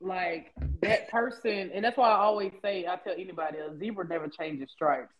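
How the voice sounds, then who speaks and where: A woman co-hosting a casual chat, telling stories in an animated, preachy way, full of slang and swearing. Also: on the low side, moderate pace, highs cut off.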